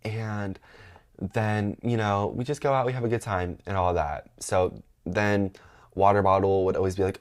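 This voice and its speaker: Speaking at a normal speed in a lowish voice, a man in his twenties hosts a podcast and spins a lengthy, gossipy story from his own life. His casual storytelling is loaded with fillers and side remarks.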